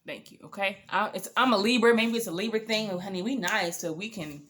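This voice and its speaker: A young woman casually telling a dating story to camera, animated and sassy, swearing freely. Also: medium pitch, a little fast.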